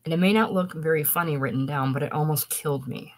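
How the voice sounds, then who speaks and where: A man's voice: a little high, quick pace, poor audio. A man reading a short story aloud in first-person narration, with a dry, wry storytelling manner. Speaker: audiobook reader.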